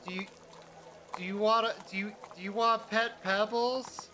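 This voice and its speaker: A sniffling little boy, put on by a man, eager and breathless. The voice is pitched well above the actor's own and bursts out brightly. It is a tabletop game character, not a cartoon. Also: steady tone, normal speed, slight background noise. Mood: shy.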